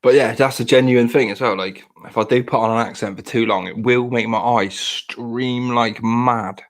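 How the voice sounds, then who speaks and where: A man from South West England with a West Country accent hosts a casual chat full of banter. His mid-range voice holds a steady tone at normal speed as he jokes, laughs often, and swears.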